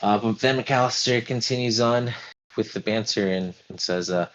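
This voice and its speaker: Low-voiced game master, halting narration. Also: male voice. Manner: relaxed, halting, many fillers. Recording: dull lo-fi stream audio.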